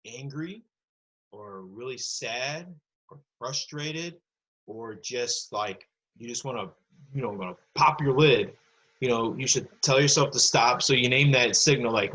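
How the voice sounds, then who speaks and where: Husky man teaching a casual class. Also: mid-range voice, fairly bright tone, low-quality recording. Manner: casual, encouraging classroom talk with many fillers. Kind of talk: online class lesson.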